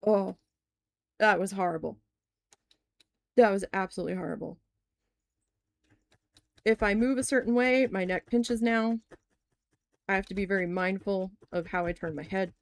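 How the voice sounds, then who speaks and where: A woman's voice: mid-range voice, moderate pace, pauses often, dry recording. A young woman telling a story in a casual crafting vlog, candid and swearing freely, often saying "like".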